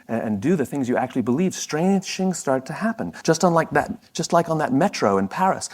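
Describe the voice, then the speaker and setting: A man giving a motivational talk on stage, telling a story with sweeping pitch swings and self-deprecating humor that he often laughs at. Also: a little mellow. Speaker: speaker.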